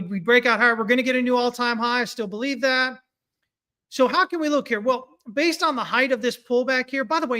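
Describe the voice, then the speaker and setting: A man giving casual live-stream commentary on price charts, reading viewer comments as he goes. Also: extremely high pitch. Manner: animated, talks through charts, reads viewer comments. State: hiccuping. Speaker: market analyst streaming chart analysis.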